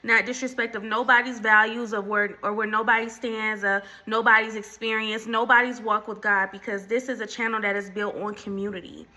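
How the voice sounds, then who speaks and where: A woman talks straight to her viewers in a casual faith chat, with a piercing, very bright tone set a little high. She calls them y'all and slips into preachy asides. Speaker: faith and relationship channel host. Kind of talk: casual faith talk to camera.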